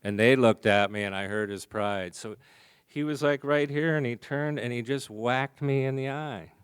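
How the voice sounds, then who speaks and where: A man's voice: medium pitch, normal speed, smooth, no room sound, studio quality. A man speaking at a recovery meeting, telling his story in a humorous, confessional way. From American. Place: conference hall.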